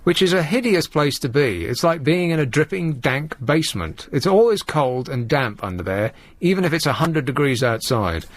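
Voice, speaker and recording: A man's voice: a little high, expressive, normal speed, few pauses, no room sound. A man hosting a late-night radio phone-in, dry and sardonic, joking with callers and studio staff at a studio microphone. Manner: dry, sardonic and mock-outraged.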